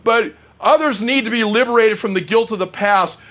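High-voiced male preacher, earnest. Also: moderate pace, a bit bright. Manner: earnest, personal, asks the congregation questions. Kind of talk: sermon.

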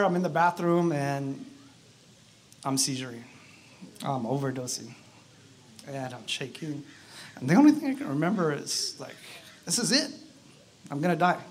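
A man giving his personal testimony at an outdoor church service, speaking in an earnest, halting way with many fillers. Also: a little high, a little hiss or hum. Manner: halting, earnest, frequent "you know" fillers.

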